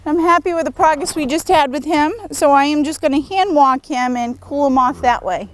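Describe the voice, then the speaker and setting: A fairly high-voiced woman gives calm, patient lessons as she works a young horse outdoors in an arena. Her instructions come steadily, mixed with soft praise, and hoofbeats sound behind her. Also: normal speed, slight background noise, low-quality recording. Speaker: horse trainer. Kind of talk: outdoor training demonstration.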